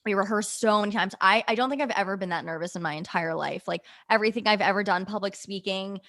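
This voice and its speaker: Young woman guest, animated storyteller who acts out the voices in her story, casual podcast chat. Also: mid-range voice, fast talker. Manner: animated, acts out quoted dialogue with fillers. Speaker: podcast guest, former in-game host.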